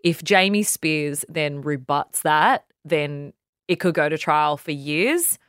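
A woman's voice: sits low, slow, fairly bright tone, clean tone, dry recording, studio quality. A woman co-hosting a casual podcast chat, earnestly retelling news in long lists. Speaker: podcast co-host.

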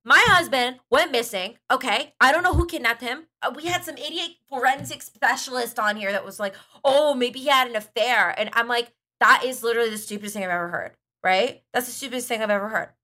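A woman's voice: a little high, brisk, few pauses, pushed and bright. A woman playing a scattered self-absorbed podcaster. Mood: rambling. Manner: rambling, lots of "like", self-centered. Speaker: podcast host playing a true crime dummy. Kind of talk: improvised comedy podcast.

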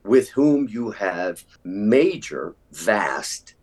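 An older man with a deep, husky voice tells stories from his acting career as an interview guest. He talks with animated emphasis, lifting his pitch to stress a point. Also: drawn-out words. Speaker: stage and soap actor, guest. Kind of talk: conversational interview storytelling.

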